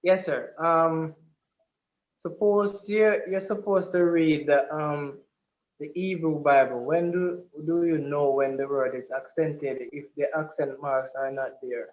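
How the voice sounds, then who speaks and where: Hesitant Jamaican man, higher voice, lo-fi. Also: steady tone, slow. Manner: hesitant, polite, with fillers. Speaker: student. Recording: dull lo-fi online call audio.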